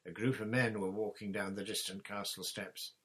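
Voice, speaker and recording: A man reading a storybook chapter aloud as narrator in a steady, even manner. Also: fairly low pitch, normal speed, husky. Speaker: audiobook reader.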